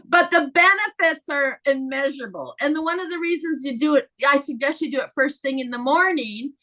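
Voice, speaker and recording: Brief high, bright woman guiding laughter yoga on a video call, animated, laughs easily. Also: a little fast, hardly any pauses. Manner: animated, breaks into laughter, guides breathing. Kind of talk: leading a live laughter yoga session.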